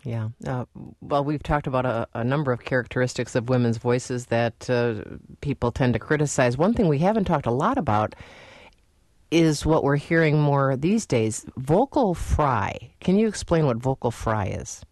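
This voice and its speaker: A man hosting a radio call-in show, asking questions in a relaxed, conversational way. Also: mid-range voice, moderate pace, no echo, clean studio sound. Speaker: radio host.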